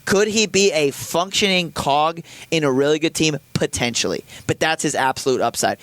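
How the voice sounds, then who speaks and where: A man's voice: medium pitch, a bit bright, smooth, no echo. A man co-hosting a sports podcast, blunt and opinionated with a self-mocking streak. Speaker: podcast co-host. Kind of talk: casual sports podcast chat.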